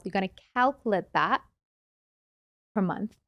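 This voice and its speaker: A woman with a non-native English accent talks through ideas in a lively, explanatory way. Her voice sits on the higher side. The sound is dry and close, with no room echo. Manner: animated, explanatory, quick asides. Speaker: guest investing educator. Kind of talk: casual interview explanation.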